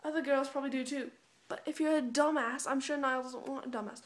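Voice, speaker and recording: A woman's voice: high-pitched, fairly even intonation, quick pace. A girl in her teens, chatting casually and bluntly, swearing and putting on a mock British accent. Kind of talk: casual chat to camera. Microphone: phone camera.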